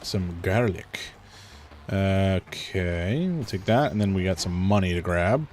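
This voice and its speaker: Low-voiced, lively male gamer. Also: slow pace, a little hiss or hum. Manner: chatty, joking, thinks aloud while playing. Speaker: gaming streamer. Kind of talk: casual live gameplay commentary.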